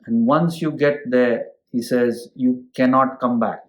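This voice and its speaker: A man's voice: medium pitch, steady tone, a little slow, roomy sound, rough recording. A man giving a lecture on scripture, explaining with everyday examples and often checking with listeners. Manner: explains with homely examples and asks listeners "hmm?". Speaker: spiritual teacher.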